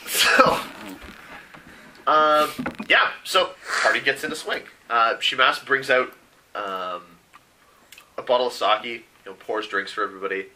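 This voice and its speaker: A man's voice: medium pitch, measured pace. A man running a tabletop role-playing game as game master, rambling through the scene with fillers and restarts. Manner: rambling, with many fillers and self-corrections. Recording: noisy home recording.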